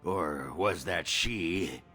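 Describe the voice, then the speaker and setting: An actor playing a boozy, blunt male dwarf warrior in a video game, with a rough, gravelly voice and a mocking, laughing manner. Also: deep voice, extremely slow, pushed and bright, soft background music, exaggerated voice. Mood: gruff. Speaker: game character.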